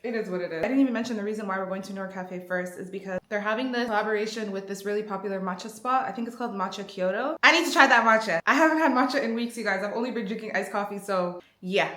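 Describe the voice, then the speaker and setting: A woman's voice: mid-range voice, fast talker, few pauses, a bit bright, echoey room. A young woman in her twenties chatting casually to her phone camera in a bubbly, giggly way. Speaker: vlogger. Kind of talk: casual vlog chat.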